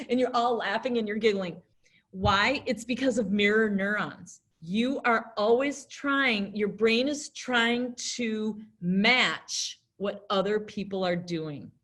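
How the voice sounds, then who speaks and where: A middle-aged American woman teaching a class in a lively, chatty way, acting out little scenes as she explains. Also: a little high. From United States. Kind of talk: classroom lesson talk.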